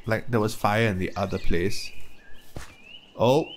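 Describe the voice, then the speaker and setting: A man's voice: fairly low pitch, a little slow, slight background noise. A young man giving casual gameplay commentary, chatty and easily surprised, stammering as he talks to the characters on screen. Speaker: let's play gamer.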